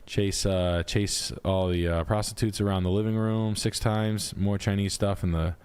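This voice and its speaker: This is a man with a fairly low voice doing live-stream commentary. He tosses out crude, profane jokes as he reviews house listings, and his talk is loose, mocking and off the cuff. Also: fairly even intonation, normal speed, a little mellow, clean tone. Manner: crude, joking, profane riffing. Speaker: realtor reviewing house listings, show host.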